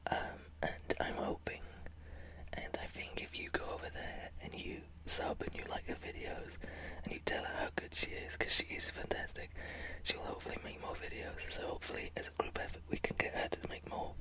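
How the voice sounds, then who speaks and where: A British woman chatting in a soft whisper for her ASMR vlog, friendly and apologetic. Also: moderate pace. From Britain. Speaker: ASMR channel host.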